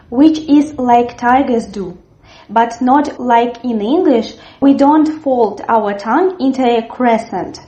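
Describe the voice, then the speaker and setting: A woman teaching a language lesson, sounding out words slowly and cheerfully so viewers can repeat after her. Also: high-pitched, warm tone. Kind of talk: slow, clear language lesson. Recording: echoey room, dull lo-fi sound.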